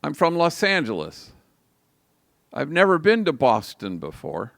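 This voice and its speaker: A man voicing a calm young former prisoner introducing himself in a friendly way. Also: fairly high pitch, unhurried, creaky, no echo, clean studio sound, pitched above the performer's own voice, full character voice.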